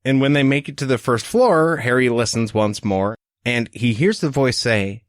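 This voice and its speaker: A man co-hosting a casual podcast about a book, talking in a lively, profane way and acting out quotes. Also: medium pitch, moderate pace, hardly any pauses, dry recording, studio quality. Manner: animated, profane, acts out quotes. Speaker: podcast co-host. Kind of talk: casual book-discussion chat.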